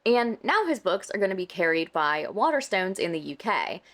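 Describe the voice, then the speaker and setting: A woman's voice: medium pitch, very animated, moderate pace, a bit bright. A woman hosting a casual commentary vlog about book news, chatty and wry, her throat slightly scratchy. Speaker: booktube commentary host.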